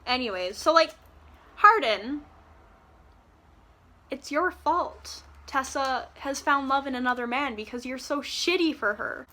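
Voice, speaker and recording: A woman's voice: high voice, lively intonation, unhurried, long pauses, pushed and bright. A woman giving a ranting book review in a sarcastic, exasperated tone, cursing freely.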